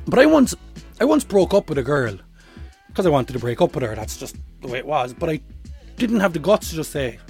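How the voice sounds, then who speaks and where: A man's voice: on the high side, normal speed, breathy edge, faint music behind. An Irish man hosting a solo comedy podcast, rambling and swearing freely as he tells stories. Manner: animated, profane, rambling comic storytelling. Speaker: podcast host.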